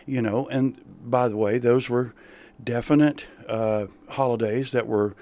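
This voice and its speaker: A man's voice: mid-range voice, steady tone, a little slow, mellow. A man, a guest on a radio show, talking earnestly and giving his opinions, often repeating himself. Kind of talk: casual radio chat.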